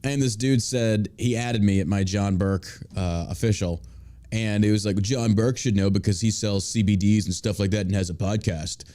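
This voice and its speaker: A man's voice: on the low side, steady tone, moderate pace, dark tone. Brash, profane man hosting a podcast. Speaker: podcast host. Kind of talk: casual podcast banter.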